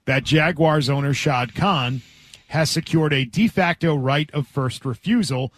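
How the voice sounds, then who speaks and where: A man's voice: fairly high pitch, a little slow, no room sound. A man hosting a sports talk radio show, reading out quotes and then arguing his point. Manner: reads quotes aloud, then argues a point.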